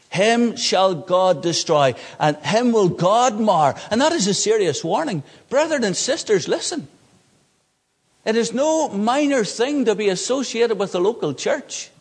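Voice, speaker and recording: A man's voice: high-pitched, long reverb tail. A man preaching a sermon from the pulpit, earnest, rising in emphasis on key points. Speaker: pastor.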